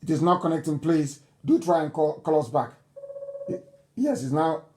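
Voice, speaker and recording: Male radio host, high-pitched, insistent and pleading, live address. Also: animated, moderate pace, a little hiss or hum. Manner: forceful, repetitive, pleading. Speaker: radio broadcaster taking calls.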